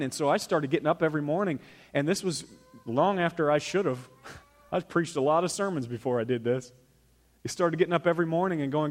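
A male pastor giving a candid, conversational sermon, laughing at himself and swinging from soft asides to loud emphasis. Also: on the high side, lively intonation, a little fast, pauses often.

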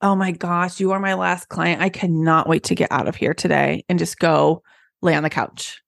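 Woman, hairstylist co-host, casual chat, lively storyteller, dry close sound. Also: on the low side, normal speed, creaky, no room sound. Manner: lively storyteller, acts out peppy voices.

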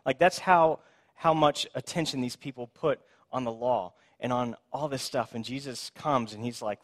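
A man preaching a sermon, telling the scripture story in a conversational, animated way and acting out the people in it. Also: mid-range voice, normal speed. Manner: conversational, asks "right?".

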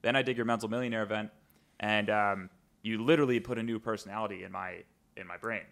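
A man's voice: fairly low pitch, fairly even intonation, quick pace, creaky, a bit bright. A man hosting a podcast interview, asking questions with an enthusiastic, admiring manner. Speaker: podcast host.

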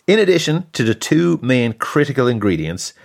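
A man co-hosting a podcast quiz, reading clues in a relaxed chatty way and laughing at his own stumbles. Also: mid-range voice, normal speed, vocal fry. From has lived in the US. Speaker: podcast co-host, quizmaster. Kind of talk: casual quiz chat.

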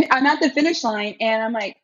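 Animated husky-voiced woman telling a story. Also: on the high side, normal speed, highs cut off. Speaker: podcast guest. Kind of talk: casual chat.

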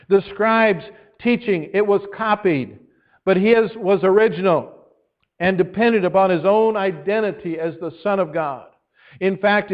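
Male pastor, high voice, earnest preaching with emphatic pauses, muffled lo-fi sound. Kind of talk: sermon.

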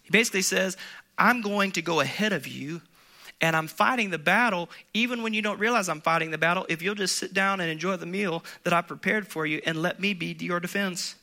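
A man preaching a sermon, swinging from loud emphatic peaks to hushed low passages, with laughs between points. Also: a little fast. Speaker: pastor.

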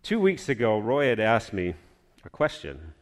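A man's voice: lowish voice, big pitch swings, normal speed. A man giving a personal testimony to his church, telling a story in a rambling, heartfelt way.

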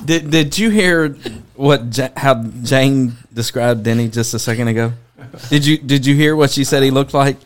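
A man's voice: mid-range voice, normal speed, clear, resonant tone. A man co-hosting a podcast, prompting the guests in a friendly, amused way. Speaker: podcast co-host. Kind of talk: casual podcast chat.

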